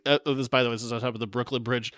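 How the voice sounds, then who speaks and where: A man's voice: medium pitch, fairly even intonation, rapid-fire, fairly bright tone, dry recording, studio quality. A man co-hosting a casual podcast, sarcastic and laughing often as he recaps. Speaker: podcast co-host.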